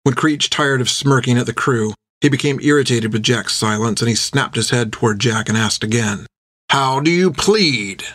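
A man's voice: medium pitch, moderate pace, few pauses, no echo. Man narrating a story in a dry close voice. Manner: steady, even storytelling. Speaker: audiobook narrator.

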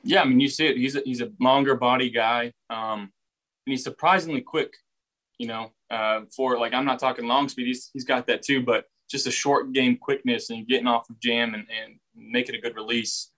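A young man, a football quarterback, answering reporters' questions in a relaxed way, often repeating words as he finds his phrasing. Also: medium pitch, normal speed, poor audio. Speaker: football quarterback at a press session. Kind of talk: casual press interview answers.

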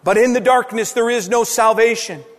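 A male pastor preaching an impassioned sermon, swinging from raised emphatic lines down to hushed, quiet ones. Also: very high voice, moderate pace, long reverb tail. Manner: impassioned preaching with sweeping rises and hushed drops.

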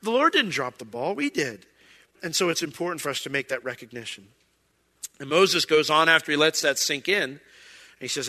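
A man's voice: fairly high pitch, animated, brisk, sharp tone, long reverb tail. A man preaching a sermon as a pastor, in a conversational way, acting out quoted voices.

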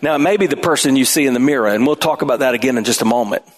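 A man pastor preaching a sermon in an animated way, his voice climbing toward near shouts at times. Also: mid-range voice, rapid-fire.

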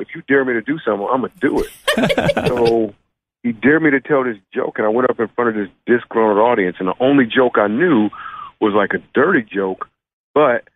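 A man's voice: medium pitch, dry recording. A comedian in his thirties from Michigan, joking and telling stories in a laid-back way during a radio interview over the phone. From Michigan, USA. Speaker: comedian guest. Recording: tinny phone line.

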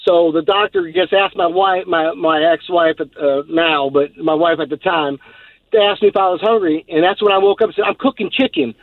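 A man from Texas phones into a radio show to tell a lengthy story, rambling, laughing, and using many fillers. His pitch is fairly high and his speed normal. The phone line sounds tinny and dry, with no room sound.

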